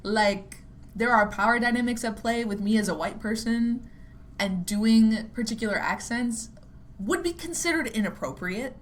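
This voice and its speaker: A woman's voice: a little high, moderate pace. A young adult woman hosting her own podcast, musing casually in a rambling way, full of "like" fillers, swearing and self-deprecating asides. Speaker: podcast host.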